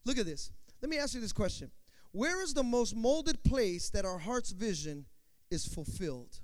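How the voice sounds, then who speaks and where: Male pastor, very high voice, dynamic sermon with quoted voices and call-and-response. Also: lively intonation, moderate pace. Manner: dynamic preaching, swinging from quiet to shouting.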